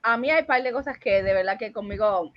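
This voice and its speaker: A woman with a Puerto Rican accent, co-hosting a casual chat, loud and laughing, switching between Spanish and English. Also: medium pitch, quick pace, dull audio. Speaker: podcast co-host.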